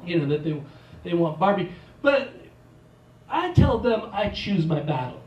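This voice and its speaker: A man doing a stand-up comedy set on a theater stage, rambling and self-deprecating, with sudden loud outbursts. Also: sits high, big pitch swings, unhurried, dull audio. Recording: echoey theater, mic from a distance.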